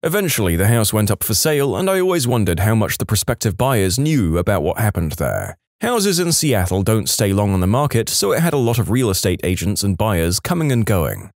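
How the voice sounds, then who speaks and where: A man narrating reddit stories in an animated, scripted storytelling manner. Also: medium pitch, no room sound, studio quality.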